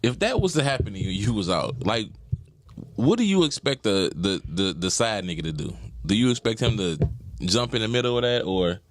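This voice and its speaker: A man's voice: lowish voice, moderate pace. A man, telling stories with a laugh in casual podcast banter. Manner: animated storytelling, laughs often, profane. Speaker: podcast co-host.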